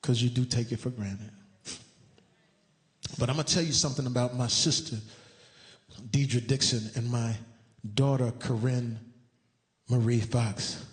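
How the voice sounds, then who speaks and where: A middle-aged man performing a stand-up routine, telling a story with animated swings into a high excited voice. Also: unhurried, pauses often. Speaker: stand-up comedian. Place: large live venue. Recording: echoey hall with loud crowd. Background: audience laughter and noise.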